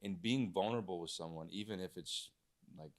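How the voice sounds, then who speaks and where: Deep-voiced laid-back man from Arkansas. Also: a little fast. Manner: earnest, laid-back, ends thoughts with a questioning 'right?'. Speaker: guest comedian. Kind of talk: casual podcast conversation.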